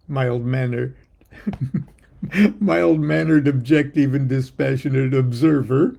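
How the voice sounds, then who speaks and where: An older man, an occult author, reading a poem and then talking in a wry, theatrical monologue with a gravelly, husky voice. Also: medium pitch, dark tone.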